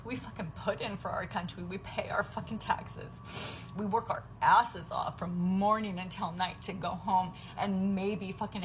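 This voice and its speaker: In an angry, emotional vlog full of swearing, an American working mother vents, now and then sinking into a breathy whisper. She has a mid-range voice against a noisy background.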